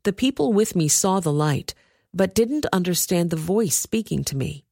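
A woman reading a Bible passage aloud in a steady, measured storytelling manner. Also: on the low side, creaky, dry recording, clean studio sound. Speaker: scripture reader.

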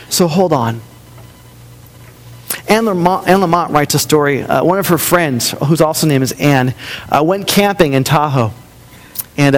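A man preaching a sermon, telling a story and often dropping to a soft, gentle voice for quiet lines. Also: sits high. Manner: storytelling, drops softer for tender quoted lines. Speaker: pastor.

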